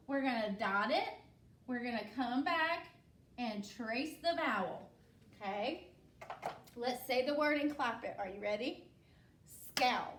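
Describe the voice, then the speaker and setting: High-voiced woman teacher, slow and patient. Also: fairly bright tone. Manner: patient, instructive, frequent "okay?" check-ins. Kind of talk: classroom spelling lesson. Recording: echoey room, voice from a distance.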